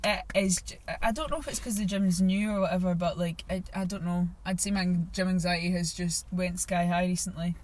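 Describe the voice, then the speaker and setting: A woman's voice: lowish voice, brisk, hardly any pauses, a little mellow. A young woman co-hosting a podcast, talking in a chatty, rambling way and laughing often. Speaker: podcast co-host. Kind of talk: casual chat.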